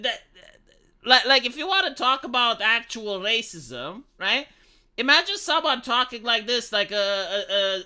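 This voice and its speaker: Guy ranting on his stream, very bright sharp voice, swears a lot. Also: high-pitched. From Romania. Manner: profane, emphatic, sarcastic. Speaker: live streamer. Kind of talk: ranting live-stream commentary on a film.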